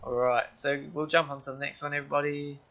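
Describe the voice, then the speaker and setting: A man's voice: fairly high pitch, level tone, fast, sharp tone, dull audio. A man hosting a casual game walkthrough, rambling loosely in car-enthusiast slang. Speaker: gaming channel host.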